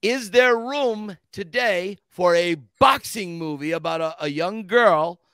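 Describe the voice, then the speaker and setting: A man hosting a casual podcast chat, an animated storyteller who talks eagerly and with emphasis. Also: high-pitched, slow, clean tone, no echo. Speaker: podcast host.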